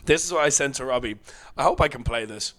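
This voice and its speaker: A man's voice: mid-range voice, lively intonation, fast talker, a bit bright. A young Irish man telling a story on a podcast, laughing often and swearing freely. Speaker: podcast co-host. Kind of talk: casual chat.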